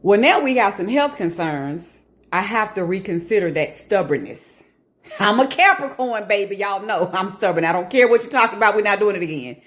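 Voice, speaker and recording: Animated woman vlogger, lively pitch. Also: moderate pace. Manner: animated, emphatic, ranting then laughing. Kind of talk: casual talk to camera. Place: at home.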